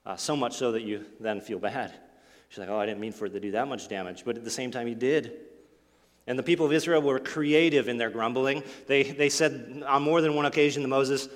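A man preaching a sermon as pastor, asking the congregation rhetorical questions and swinging from forceful lines to hushed ones. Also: mid-range voice, brisk, in a large hall. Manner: expressive preaching with rhetorical questions, sudden drops to near-quiet.

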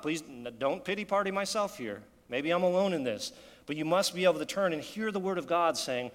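A man's voice: a little high, lively intonation, brisk, in a large hall. A man preaching a sermon in an earnest, conversational way, often asking his listeners rhetorical questions. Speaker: pastor.

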